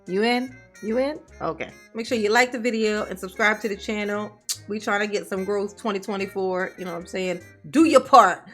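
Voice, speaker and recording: A woman hosting a reaction commentary show, sassy and quick with jokes, laughing often. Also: medium pitch, steady tone, a bit bright, faint music behind. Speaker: commentary channel host.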